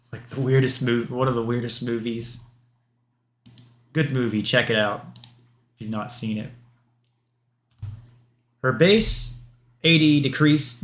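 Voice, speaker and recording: A man's voice: medium pitch, a bit bright. A man streaming live, reading game patch notes aloud, rattling off lists of numbers and drifting into offhand asides.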